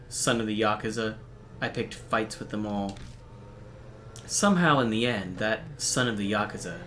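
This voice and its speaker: A man streaming a game, reading its visual novel text aloud in a steady, even narration broken by quick, dry asides. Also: lowish voice, a little hiss or hum. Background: faint game music.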